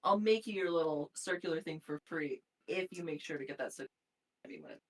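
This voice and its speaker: A woman's voice: deep voice, expressive, fast, husky. A woman player in a tabletop role-play, blunt and practical in character, haggling over pay.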